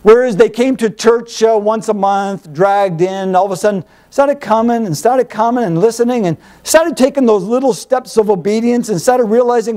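Male pastor, high pitched, lively, teaching sermon with acted-out dialogues. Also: normal speed, few pauses. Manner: animated, acts out little dialogues, rhetorical questions.

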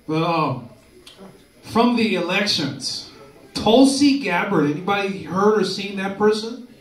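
A man's voice: sits high, animated, a little slow. A man doing a loose, crude stand-up comedy set, often tagging lines with "dude". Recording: echoey room from far off, crowd laughter.

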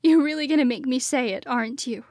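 A woman's voice: sits high, fast talker, darkish tone, no room sound, studio quality. A woman voicing a distraught young witch. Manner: tearful, pleading, breaking into cries.

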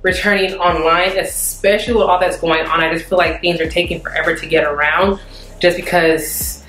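A woman's voice: on the low side, a bit bright. A young adult woman in a casual try-on haul, chatty and easily exasperated, full of "like" fillers. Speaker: fashion vlogger. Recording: echoey room with faint music.

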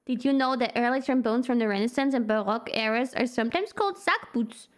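A woman's voice: on the high side, fast. A young woman streaming a game, gasping and reacting playfully as she reads in-game text aloud.

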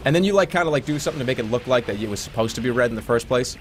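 A man's voice: medium pitch, expressive, very fast, a little hiss or hum. A man in his thirties chatting casually on a livestream, telling rambling stories and breaking into sudden yelps. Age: 30s. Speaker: streamer.

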